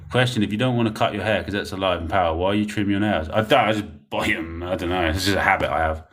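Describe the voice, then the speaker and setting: Deep-voiced man chatting on a livestream. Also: fast, a bit bright. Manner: blunt, rambling, laughs often. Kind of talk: casual livestream chat reading comments.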